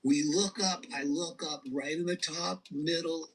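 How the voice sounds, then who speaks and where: A man in his fifties, a guest telling an animated and emotional story in a casual interview. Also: a little high, measured pace, a little hiss or hum, poor audio. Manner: animated, emotional storyteller who repeats and restarts.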